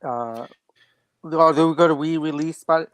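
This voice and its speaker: Giggly podcast cohost, smooth clear voice, dry close sound, lots of quick questions. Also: medium pitch, no echo. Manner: chatty, giggly, asks quick follow-up questions. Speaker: podcast co-host. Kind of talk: casual chat.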